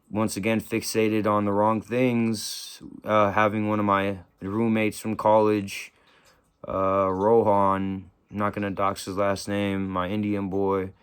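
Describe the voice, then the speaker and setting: Subdued young man, low smooth voice. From San Francisco Bay Area. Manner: slangy, subdued and grieving, halting with restarts. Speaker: vlogger telling a personal story. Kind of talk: casual storytelling to camera.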